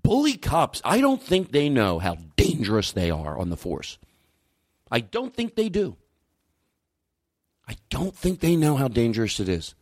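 A man hosting a podcast, ranting, swearing and jumping his pitch for emphasis. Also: wildly swooping pitch, unhurried, long pauses, darkish tone. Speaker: podcast host. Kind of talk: heated podcast rant.

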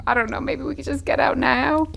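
A woman's voice: high-pitched, steady tone, a little fast, gravelly, a bit bright. A woman playing a tabletop game, chatting casually, swearing and laughing. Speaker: player.

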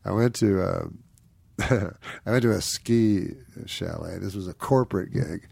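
A man's voice: sits low, measured pace, creaky, darkish tone, breathy edge, no room sound. A man, a comedian, telling rambling anecdotes, chuckling often and acting out the people he quotes. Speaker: comedian guest. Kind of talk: anecdotal storytelling.

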